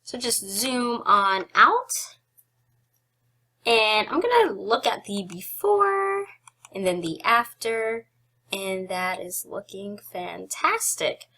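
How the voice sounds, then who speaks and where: A young woman with a bright, clear, mid-range voice hosts a casual photography software tutorial. She's chatty and giggly, making fun of herself between steps, and sounds a little out of breath.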